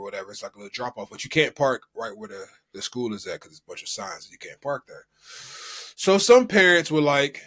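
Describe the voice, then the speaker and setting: A young man from the United States talks with an easy, mid-pitched voice, neither high nor low. He co-hosts a casual podcast chat and tells stories in a rambling way. His sentences wander and restart, padded with fillers. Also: fairly bright tone. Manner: rambling storytelling with many fillers. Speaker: podcast co-host.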